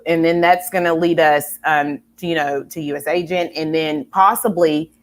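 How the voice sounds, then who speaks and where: A woman's voice: deep voice, steady tone, moderate pace. Rambling, enthusiastic woman host. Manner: enthusiastic, rambling, many fillers and restarts. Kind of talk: casual pop culture chat.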